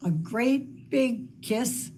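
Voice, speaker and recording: A woman's voice: a little high, expressive, very slow, mellow, a little hiss or hum. Older woman sending a tender message. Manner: tender, affectionate, blessing. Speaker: relative in a recorded video message. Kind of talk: heartfelt recorded message.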